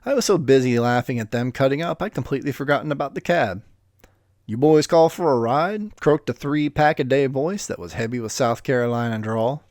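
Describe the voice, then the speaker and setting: A man's voice: mid-range voice, fast talker, few pauses, darkish tone, no echo, clean studio sound. A man reading a story aloud with a casual, profane, self-deprecating manner and offhand asides. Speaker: reader of stories.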